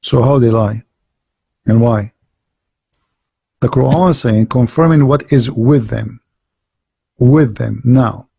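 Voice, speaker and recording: A man's voice: medium pitch, unhurried, gravelly, long pauses, dark tone, husky, no echo. A man hosting a casual online debate call, hesitant and repeating words, turning confrontational about his opponents.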